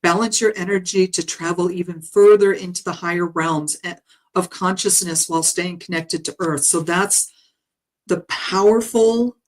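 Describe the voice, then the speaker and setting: A woman who works as a spiritual healer, passing on meditation messages in a gentle, halting way with frequent pauses and fillers. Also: on the low side, steady tone, poor audio. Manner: gentle, halting, with frequent ums and soft laughs. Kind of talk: guided meditation message reading. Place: home live stream.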